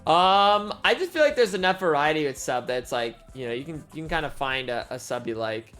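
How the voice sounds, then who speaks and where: A man's voice: a little high, lively intonation, a little fast, a bit bright, clear, resonant tone, faint music behind. Easygoing male gamer, hesitant casual chat, frequent laughs. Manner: laid-back, hesitant, laughs often. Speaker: fellow player in a survival game.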